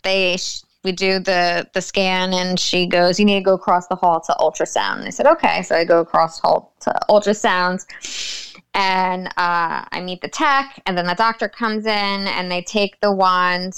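A young woman with a smooth, clear voice tells her story as a guest in a casual conversation. She is animated, acts out what other people said and laughs often. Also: lowish voice, moderate pace. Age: young adult. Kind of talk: casual chat.

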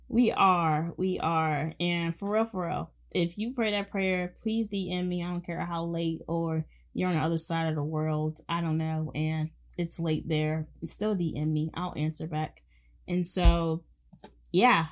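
A woman's voice: fairly low pitch, a little slow. Fervent young woman preaching to listeners. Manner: fervent and affectionate, repeats phrases, calls listeners honey and baby. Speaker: podcast host. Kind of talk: faith podcast monologue.

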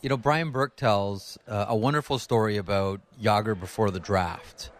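A man hosting a podcast, chatting in a relaxed, conversational way. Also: lowish voice, moderate pace, dry recording. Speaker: podcast host. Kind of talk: casual chat.

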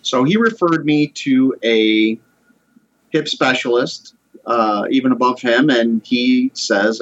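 A man's voice: mid-range voice, slow pace, fairly bright tone, muffled recording. A man in his forties earnestly telling a personal story in a casual conversation. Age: 40s. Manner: earnest, heartfelt.

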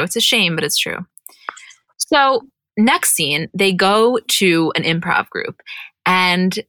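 Bright-voiced woman chatting casually. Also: mid-range voice, no echo. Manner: chatty, animated, swears casually. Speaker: podcast co-host. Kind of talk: casual chat.

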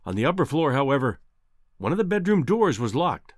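A man giving scripted audiobook narration in a measured, expressive storytelling manner. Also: medium pitch, no echo, clean studio sound.

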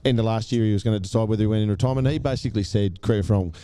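Aussie podcast host firing off questions fast, mellow low-key tone. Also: male voice, clear, resonant tone. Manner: quick, chatty questioning. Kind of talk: casual interview.

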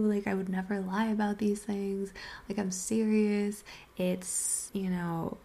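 A young woman casually telling a funny story, chatty and animated, often dropping to a whisper. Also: medium pitch, measured pace, vocal fry.

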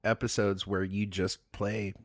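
A man's voice: on the low side, little pitch movement, a little slow, no echo. A man co-hosting a podcast, chatting casually with dry, teasing banter. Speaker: podcast co-host. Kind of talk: casual conversational podcast chat.

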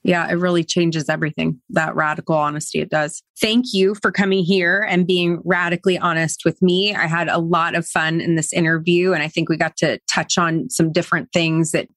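Encouraging woman host, low voice. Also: level tone, a little fast, hardly any pauses, fairly bright tone, dry recording, clean studio sound. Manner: encouraging, reflective. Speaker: podcast host. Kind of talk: supportive interview talk.

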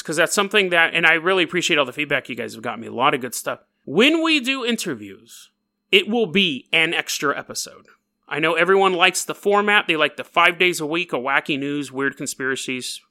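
A man hosting a paranormal news podcast, telling stories in an animated, jokey way and acting them out. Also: on the high side. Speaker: podcast host. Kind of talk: comedic paranormal news monologue.

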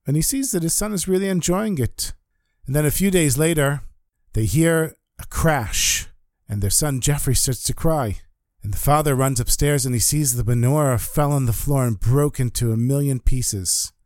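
A man telling a story in an earnest, animated way. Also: mid-range voice, moderate pace, dry recording, studio quality. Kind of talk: spoken storytelling.

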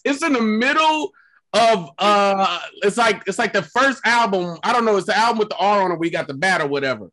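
A man with a high, bright voice that swings widely as he tells a story. He co-hosts a casual podcast and acts out little scenes, changing his voice for each person he quotes. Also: big pitch swings, fast talker. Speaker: podcast co-host. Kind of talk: casual group banter.

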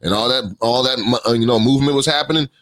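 A man of middling pitch hosts a podcast, trading loose, excitable sports banter. The sound is dry and close. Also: fast, dry recording. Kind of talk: casual podcast chat.

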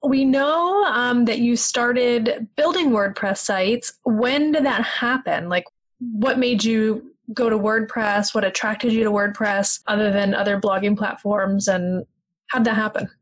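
Upbeat higher-voiced woman host. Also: a little slow, poor audio. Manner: friendly, upbeat, conversational. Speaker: podcast host. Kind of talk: casual interview chat.

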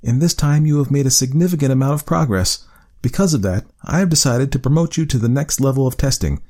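Guy doing a soft coaxing lady doctor, higher voice than his own, friendly and calm. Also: quick pace, close to an everyday voice. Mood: soothing. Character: calm, sweet-talking female research doctor.

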